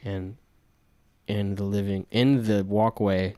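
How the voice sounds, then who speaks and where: A man's voice: on the low side, steady tone, slow pace, dark tone, clear, resonant tone, no room sound. A young man co-hosting a podcast, telling a story in casual chat with acted-out quotes and frequent restarts. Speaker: podcast co-host.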